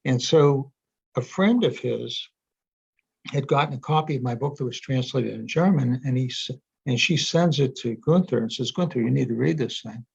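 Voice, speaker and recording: A man's voice: mid-range voice, normal speed, gravelly, husky. An older man, a guest in an interview, telling long anecdotes with lots of fillers and restarts over a video call. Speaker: interview guest, energy psychology author. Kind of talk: casual storytelling in conversation. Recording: dull lo-fi sound.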